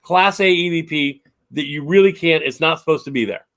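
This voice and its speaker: Animated storytelling man, fairly high voice. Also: brisk. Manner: animated storyteller, acts out quotes. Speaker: paranormal investigator guest. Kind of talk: casual podcast chat.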